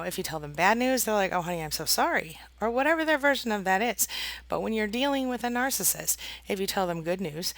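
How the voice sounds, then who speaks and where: A woman's voice: lowish voice, dry recording, low-quality recording. A woman host talking earnestly and casually to her viewers about abusive relationships, with many fillers and small laughs. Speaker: host, narcissistic abuse coach. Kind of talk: casual talk to camera.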